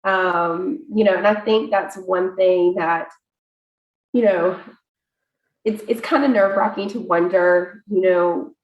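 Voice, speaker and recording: A woman guest on a podcast, telling a personal story in a chatty, animated way with many fillers. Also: fairly low pitch, slow pace, muffled recording. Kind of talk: casual interview storytelling. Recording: echoey room.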